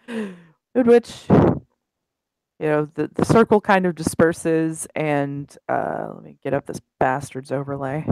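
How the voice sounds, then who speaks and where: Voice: mid-range voice, slow, darkish tone, no room sound, rough recording. A game master narrating a tabletop game casually, with asides and swearing.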